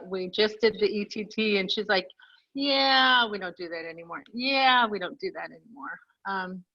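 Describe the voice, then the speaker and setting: A woman with a bright, sharp voice introduces herself in an online class. Her video-call audio comes through dull and muffled. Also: mid-range voice. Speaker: former firefighter EMT, student.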